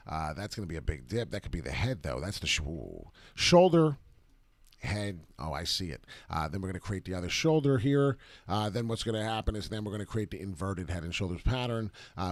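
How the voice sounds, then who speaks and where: A man hosting a live crypto chart breakdown, rambling and excitable, full of filler uhs, greeting viewers by name as he works. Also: low-pitched, no echo. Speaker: crypto chart analysis livestream host.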